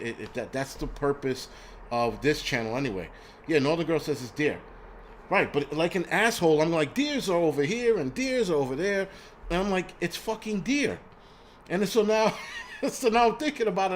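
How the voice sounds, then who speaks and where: A man's voice: on the high side, slight background noise. A middle-aged man hosting a live stream in casual chat, blunt and profane, often laughing at himself. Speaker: host.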